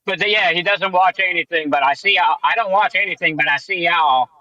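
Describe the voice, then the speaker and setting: A man's voice: sits high, brisk, bright, forceful tone, dry recording. A man co-hosting a casual stream, mockingly reading someone's posts aloud. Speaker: guest co-host. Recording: dull lo-fi sound.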